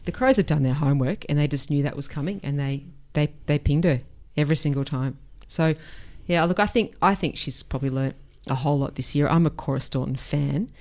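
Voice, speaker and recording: Low-voiced woman talking footy. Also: a little fast, few pauses, a little mellow. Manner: opinionated, enthusiastic analysis. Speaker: podcast co-host. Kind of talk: casual sports chat.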